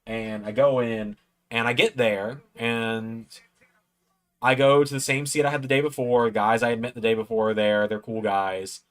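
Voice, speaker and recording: A man with a mid-range, fairly bright voice speaks at a moderate pace with fairly even intonation. Hosting a watch-along from a room at home, he rambles through a long personal story, raising his voice to act out quoted lines.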